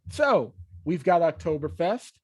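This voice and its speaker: A man's voice: fairly high pitch, very animated, measured pace, husky, no echo. A man co-hosting a casual real estate podcast, talking in an easygoing, rambling way with plenty of "uh" and "you know.". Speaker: podcast co-host, mortgage broker.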